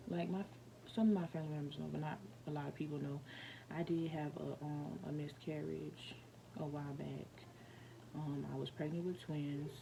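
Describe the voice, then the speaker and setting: Gravelly low woman telling a story. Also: background noise. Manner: rambling, many fillers and restarts. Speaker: vlogger. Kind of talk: casual storytelling.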